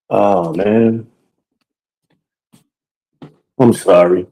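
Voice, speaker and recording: A man's voice: fairly low pitch, measured pace, low-quality recording. A podcast host talks casually to viewers while walking through his home, boastful and joking, swearing freely.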